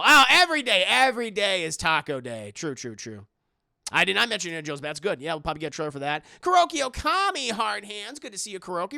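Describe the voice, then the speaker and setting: A young man streaming live, talking casually in a slightly high voice with a gravelly, creaky texture. His tone is bright and forward, and the sound is close and dry with no room echo. He rambles, answering chat and restarting his sentences.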